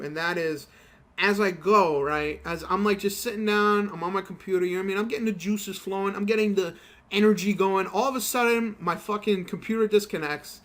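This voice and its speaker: A man's voice: high-pitched, pushed and bright. A young man telling a rambling, profane story while commenting on his gameplay. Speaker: gaming YouTuber.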